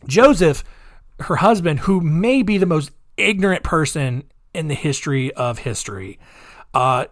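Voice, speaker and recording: A man's voice: fairly high pitch, dry recording, clean studio sound. A man hosting a podcast, telling a history story casually, with sarcastic rambling asides. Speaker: podcast host.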